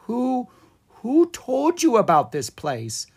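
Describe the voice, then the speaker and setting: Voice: mid-range voice, animated, slow, pitched above the performer's own voice. A reader voicing a timid young boy dragon who talks nervously and stammers, in a children's storybook reading. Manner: jittery, stammering.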